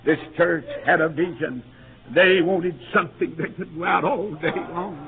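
A man, preaching a sermon with a husky voice, rising to shouts with a rhythmic repeated "uh". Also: on the high side, normal speed, a crowd in the background. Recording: tinny lo-fi radio broadcast.

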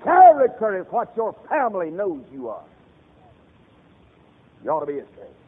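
Fiery high-voiced preacher on radio. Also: male voice, wildly swooping pitch, normal speed, husky, big-room sound. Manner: fiery, storytelling, direct address to the congregation. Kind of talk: sermon. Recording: tinny radio broadcast.

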